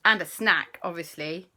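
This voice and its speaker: Bright, lively woman telling a kids' story. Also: fairly low pitch. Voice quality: expressive and playful, with chatty asides. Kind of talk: telling a made-up story to children.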